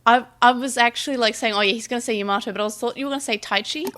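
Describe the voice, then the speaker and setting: A woman's voice: fairly high pitch, very fast, bright, forceful tone. Woman, podcast co-host, casual and chatty, trips over her words a little. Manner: chatty, restarts sentences often.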